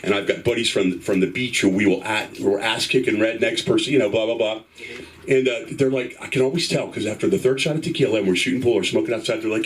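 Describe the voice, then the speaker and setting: A middle-aged man does a stand-up set on a club stage. He tells a profane story and acts out the other voices in it. His voice is of average pitch and comes from a distance through a room mic. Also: normal speed, a crowd in the background. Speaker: stand-up comic. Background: live audience.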